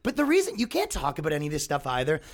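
Young man, podcast host; exasperated comedic ranter, high-pitched and very animated. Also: rapid-fire. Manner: exasperated, ranting, mocks others in put-on voices. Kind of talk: solo comedic rant.

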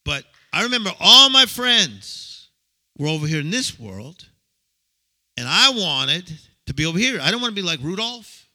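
A male preacher giving an excitable sermon to a live audience, stammering and repeating himself and shouting to the crowd. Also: sits high, moderate pace.

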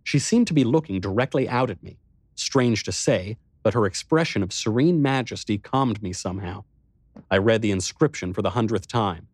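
A man reading a novel aloud as a first-person narrator, telling the story in a measured, introspective way into a close microphone. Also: lowish voice, expressive, slightly rough, dry recording. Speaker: audiobook narrator.

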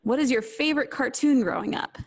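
A woman hosting a podcast interview, asking brisk quiz-style questions and laughing often. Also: sits high, a little hiss or hum. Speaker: podcast host. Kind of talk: casual interview.

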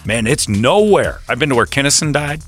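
A man's voice: mid-range voice, very animated, a little fast, a bit bright, faint music behind. A man bantering as co-host in a casual podcast chat, joking and sarcastic.

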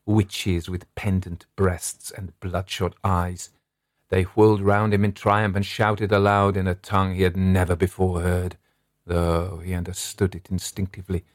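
A man narrating a Victorian horror story in a slow, dramatic, drawn-out delivery. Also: low voice, flat delivery, no echo, studio quality.

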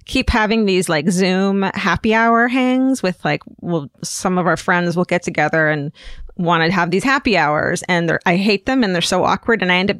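A woman's voice: lowish voice, normal speed, fairly bright tone, dry recording, clean studio sound. A woman co-hosting a podcast from home, chatting casually with wisecracks and plenty of swearing. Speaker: podcast co-host. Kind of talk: casual chat.

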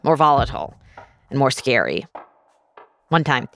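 A woman host narrating a true story in a measured, scripted style and interviewing her guest. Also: rumbling low, very animated.

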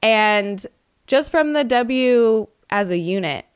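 A woman co-hosting a podcast in casual chat, easygoing and measured as she tells stories. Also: fairly high pitch, lively intonation, smooth. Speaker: podcast co-host.

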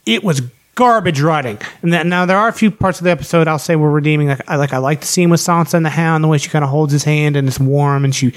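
A man's voice: fairly high pitch, fairly even intonation, fast talker, few pauses. A man in casual podcast chat, ranting animatedly with heavy swearing. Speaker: podcast co-host.

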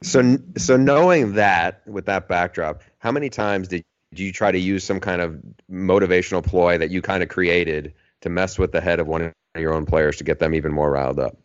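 A man with a very low voice hosts a podcast and asks his guest playful, teasing questions. The sound is dry and a little dull, as if lo-fi. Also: moderate pace, hardly any pauses, no room sound. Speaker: podcast host. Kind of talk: casual chat, asking a guest questions.

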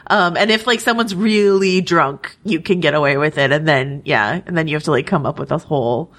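Wry, chatty woman with a lowish voice. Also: fairly bright tone. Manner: chatty, wry, quick asides. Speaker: podcast co-host. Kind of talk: casual TV recap discussion.

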